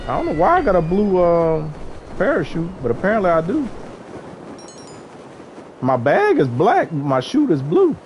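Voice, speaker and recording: A man's voice: high-pitched, huge pitch swings, moderate pace, pauses often, a little mellow, slight background noise. A man, streaming a game and chatting casually with viewers in a laid-back way. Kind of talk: casual gameplay livestream chat.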